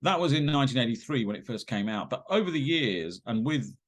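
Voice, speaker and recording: A man, a guest on an interview podcast, telling rambling, animated anecdotes with many fillers and restarts. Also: mid-range voice, a little fast.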